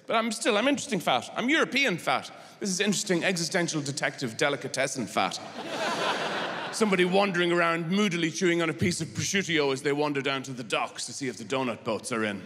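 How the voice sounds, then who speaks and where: A man doing a stand-up comedy routine in a rambling, deadpan way, bursting into shouted silly voices. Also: on the high side, brisk. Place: large theatre stage. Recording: live hall with audience noise.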